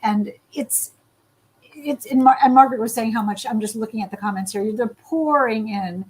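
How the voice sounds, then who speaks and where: A woman's voice: fairly high pitch, moderate pace, breathy edge, poor audio. Upbeat woman hosting an author interview. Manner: enthusiastic, effusive. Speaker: interviewer, host. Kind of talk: live online author interview.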